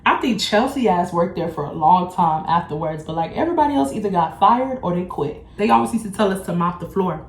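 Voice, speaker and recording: A woman's voice: lowish voice, fairly quick, few pauses, a little hiss or hum. Blunt, profane young woman in echoey room. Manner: blunt, profane, animated storytelling. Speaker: beauty vlogger. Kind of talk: casual storytime vlog.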